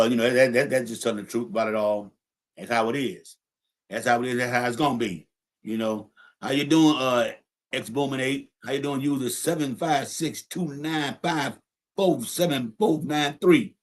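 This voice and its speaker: A man's voice: medium pitch, normal speed. A man hosting a home livestream podcast, talking loosely and repetitively to his chat, swearing and calling them y'all. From St. Louis, USA. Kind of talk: casual political rant to live chat.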